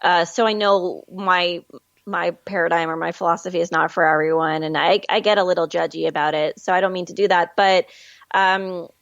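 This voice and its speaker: A woman with a fairly low voice talks as a podcast guest, animated and candid, laughing easily. Her audio is dry and a bit dull, like lo-fi call sound. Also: normal speed, no room sound. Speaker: guest, film distribution manager. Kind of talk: casual interview chat.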